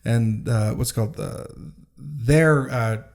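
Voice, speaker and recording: A man's voice: medium pitch, slow pace, creaky. Easygoing joking podcast host, a man. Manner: relaxed, agreeable, joking. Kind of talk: casual podcast chat. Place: podcast studio.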